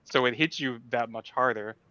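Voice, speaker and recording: Earnest bright-voiced man, casual chat. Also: medium pitch, normal speed, lo-fi sound. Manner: earnest, restarts often, animated. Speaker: podcast co-host. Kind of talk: casual film discussion.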